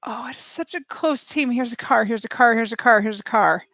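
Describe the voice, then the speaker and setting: A woman vlogger giving live reaction commentary, excitable and gushing, talking straight to her viewers. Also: fairly high pitch, a little fast, dry recording, low-quality recording.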